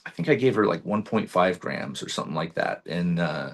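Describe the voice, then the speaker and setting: A man with a fairly low-pitched voice talks as a podcast guest in loose, casual conversation. He tells his story with animated energy and swears freely. He acts out what he once said along the way. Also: a little fast, vocal fry.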